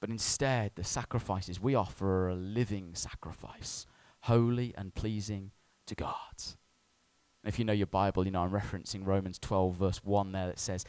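A man's voice: lowish voice, steady tone, a little fast, no echo. Passionate male pastor preaching a sermon. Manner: swings between loud urgent exhortation and soft near-whisper; conversational asides, gentle humor.

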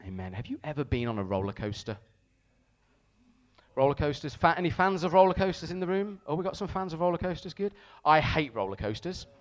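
A man preaching a sermon to a congregation, telling a story with animated, shouted re-enactments. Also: on the high side, fairly quick, muffled recording.

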